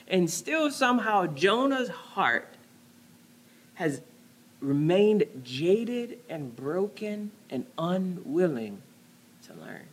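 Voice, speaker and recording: Husky, animated pastor preaching. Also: mid-range voice, very slow. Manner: conversational preaching that drops to near-whispers on key words. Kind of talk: sermon.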